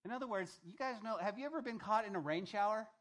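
An older man preaching to his congregation in a lively, chatty way, stopping often to talk to them directly. His voice sits a touch higher than most men's. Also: fast. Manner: animated, conversational preaching with asides to the congregation. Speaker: pastor. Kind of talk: sermon.

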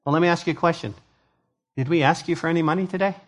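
Pastor, male, conversational sermon style, animated, acts out voices, voice a touch high. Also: very fast, a little hiss or hum. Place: church sanctuary.

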